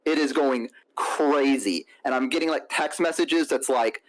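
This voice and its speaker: A man's voice: medium pitch, a little slow. A young man chats on a stream, telling a long story. He acts out the other people in it as he goes, and his mic sounds crunchy and lo-fi. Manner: animated storytelling, acts out quotes. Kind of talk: casual storytelling.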